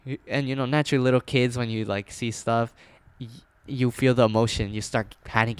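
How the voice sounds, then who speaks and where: A young man casually telling a scary personal story, rambling with fillers and restarts, dropping to a hush at tense moments. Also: medium pitch, brisk, few pauses, clear, resonant tone.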